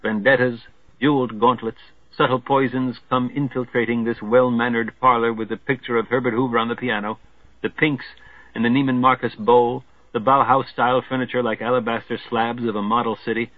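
A man's voice: mid-range voice, flat delivery, brisk, dry recording. Man narrating a novel over a tinny line. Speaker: audiobook narrator. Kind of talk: literary narration. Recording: tinny dry lo-fi phone-like sound.

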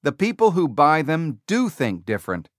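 A male audiobook narrator quoting a confident tech executive giving a keynote, in a deliberate, emphatic, slower delivery. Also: fairly high pitch, very animated, no room sound, clean studio sound, pitched above the performer's own voice. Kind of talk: quoted speech within audiobook narration.

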